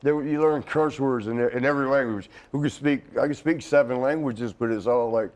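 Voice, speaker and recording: A man's voice: mid-range voice, brisk, few pauses, a little mellow. A middle-aged man telling stories as a guest in a casual studio interview, rambling with frequent restarts and laughing at his own jokes. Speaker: interview guest, retired wrestler.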